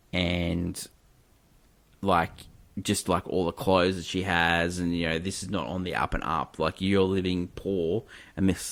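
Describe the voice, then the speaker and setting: A man co-hosting a casual film discussion podcast, rambling with many fillers and restarts. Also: low-pitched. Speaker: podcast co-host.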